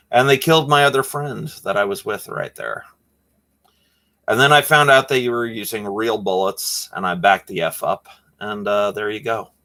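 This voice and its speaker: A man's voice: on the low side, pushed and bright. A man chatting casually on a live stream while he draws, rambling with lots of fillers.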